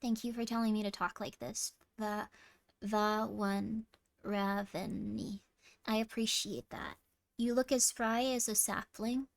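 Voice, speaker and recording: A woman's voice: mid-range voice, steady tone, measured pace, vocal fry, no room sound. A woman streamer in playful, casual chat with her viewers, teasing and reading messages.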